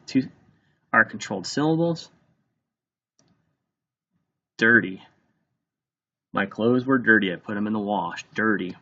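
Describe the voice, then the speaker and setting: Slow, gravelly man dictating a spelling test. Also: lowish voice, pushed and bright, highs cut off. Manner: slow, sounds words out letter by letter. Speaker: teacher.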